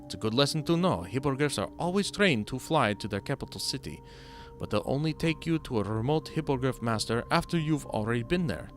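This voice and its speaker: A man's voice: mid-range voice, animated, a little fast, faint music behind, natural voice. A man reading a friendly game quest-giver. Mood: helpful.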